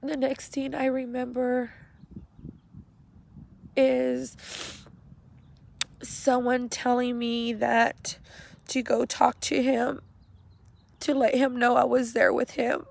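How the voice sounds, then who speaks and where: A middle-aged woman slowly and haltingly retelling a painful memory, speaking outdoors. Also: a little high, little pitch movement, vocal fry, darkish tone. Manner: slow, halting, emotional retelling. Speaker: grieving mother. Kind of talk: personal storytelling vlog. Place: outdoors at a cemetery.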